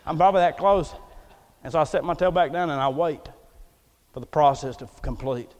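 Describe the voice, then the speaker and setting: A man preaching a folksy, emphatic storytelling sermon. He swings between loud bursts and hushed asides. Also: a little high, normal speed, long pauses, muffled recording. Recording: long hall reverb.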